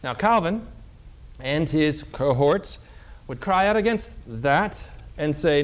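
A man preaching a sermon as a Lutheran pastor, reading verses slowly and asking the congregation questions that he answers himself. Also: a little high, lively intonation. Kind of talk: sermon teaching from scripture.

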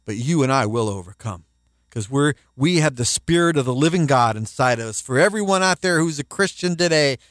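A man preaching a sermon as a pastor, emphatic and rising in pitch when quoting scripture. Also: expressive, fairly quick, a bit bright, dry recording.

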